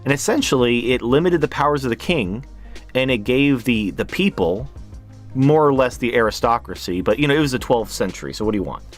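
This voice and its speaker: A man's voice: mid-range voice, animated, brisk, soft background music. Brief: a male commentator, blunt, sarcastic, a bit profane. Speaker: political commentator. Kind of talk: opinion monologue vlog.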